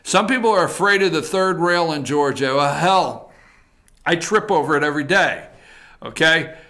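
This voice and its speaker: Blunt talk show host with bright voice. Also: male voice, fairly high pitch. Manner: folksy, blunt, talks to viewers directly. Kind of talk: political opinion talk show. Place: TV studio.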